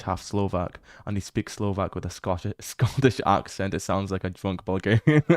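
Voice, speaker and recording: A man's voice: fairly low pitch, no echo. A man streaming a horror game, chatting casually as he explores, laughing often and swearing now and then. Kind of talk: casual livestream commentary while exploring a game.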